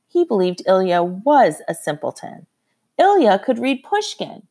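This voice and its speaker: A woman narrating a historical story in the first person, expressive and measured. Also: medium pitch. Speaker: audiobook narrator.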